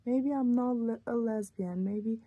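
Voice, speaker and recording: A man's voice: very high-pitched, measured pace, no room sound, phone-quality sound. A man mimicking a sneering, whiny ex-girlfriend. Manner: sneering, sing-song, exaggerated. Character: mocking, whiny young woman, a scornful ex.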